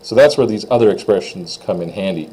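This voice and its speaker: Low-voiced man from Minnesota teaching French. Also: fast, warm tone, slight background noise, low-quality recording. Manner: patient, plain-spoken, models pronunciations in a raised voice. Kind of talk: recorded classroom lesson.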